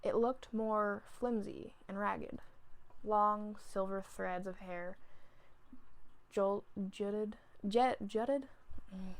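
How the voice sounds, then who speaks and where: A woman's voice: medium pitch, steady tone, slow, creaky, rough recording. A woman casually reading fanfiction aloud at home, often stumbling over and correcting words. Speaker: fanfiction reader.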